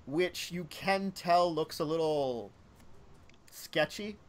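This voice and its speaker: Brief: male game master, rambling narration full of fillers, a bit high voice. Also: takes it slowly. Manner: rambling, lots of fillers and self-corrections.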